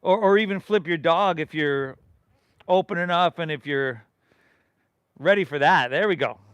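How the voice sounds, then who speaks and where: A man's voice: a little high, normal speed, a bit bright, clean tone, no echo, dull audio. A middle-aged man from leading a live yoga class, giving rhythmic breath and pose cues with casual, encouraging asides. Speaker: yoga instructor.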